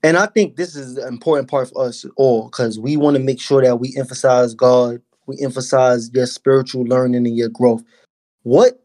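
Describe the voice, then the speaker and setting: A man's voice: medium pitch, warm tone. A man hosting a casual podcast interview in an easygoing, encouraging way. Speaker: podcast host.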